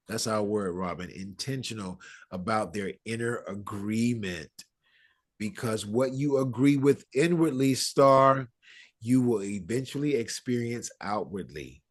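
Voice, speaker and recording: A man with a fairly low, slightly rough and a little mellow voice leads a live class on spiritual ideas before an audience in the room. His talk is conversational, with frequent check-ins with listeners and everyday quotes that he acts out.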